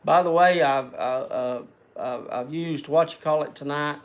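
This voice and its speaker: An older man hosts a casual livestream, talking to his viewers in a loose, rambling, homespun way and poking fun at himself. His voice sits a touch high for a man and has a noticeable gravelly fry running through it. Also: a little slow. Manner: rambling, folksy, self-deprecating. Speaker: livestream host.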